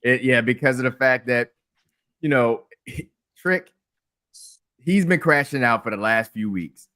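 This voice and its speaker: A man's voice: medium pitch, a little slow, pushed and bright, no room sound, clean studio sound. A man co-hosting a podcast, chatting casually about wrestling, rambling with many fillers and restarts. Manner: rambling, lots of fillers and restarts, laughs easily. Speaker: podcast co-host.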